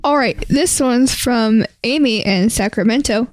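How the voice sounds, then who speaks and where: A woman's voice: a little high, a little slow, no echo. A woman co-hosting a podcast, teasing her partner with dry quips and reading listener mail. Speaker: podcast co-host. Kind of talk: casual podcast chat.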